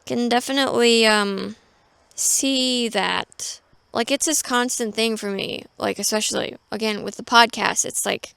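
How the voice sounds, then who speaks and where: Woman podcast host, devotional reading and casual retelling, slightly high and smooth, dry close-mic sound. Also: steady tone, unhurried, pushed and bright, dry recording. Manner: reads scripture aloud, then retells it in chatty voices with laughs.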